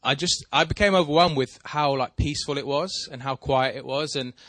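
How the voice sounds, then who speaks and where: A man's voice: mid-range voice, a little fast, dry recording. A man telling a rambling, self-deprecating story in casual chat with a co-host. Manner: rambling, self-deprecating, animated when excited.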